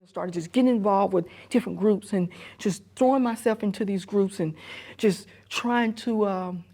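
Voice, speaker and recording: A middle-aged woman, an emergency room nurse and mother, giving a halting, repetitive personal testimony that often sinks to a hushed near-whisper. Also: mid-range voice. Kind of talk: personal testimony in a documentary interview.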